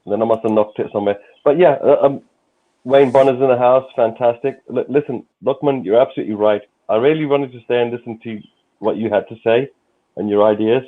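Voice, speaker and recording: Londoner on a tinny phone-like line. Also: male voice, mid-range voice, brisk. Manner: warm, courteous sign-off, repeats words. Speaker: guest on a fan stream. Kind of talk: casual livestream chat. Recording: tinny phone-like call audio.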